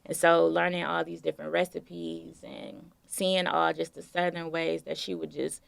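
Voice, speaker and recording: A woman guest in a casual interview, telling relaxed stories full of fillers. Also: low-pitched, normal speed, gravelly, dry recording. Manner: relaxed storytelling with many fillers.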